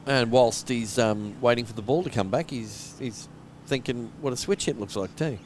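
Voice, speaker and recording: A man's voice: mid-range voice, normal speed. Male commentator, casual and jokey, noisy outdoor feed. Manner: jokey, chatty, laughs often. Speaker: cricket commentator. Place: outdoors at a cricket ground. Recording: outdoor stream with loud background noise.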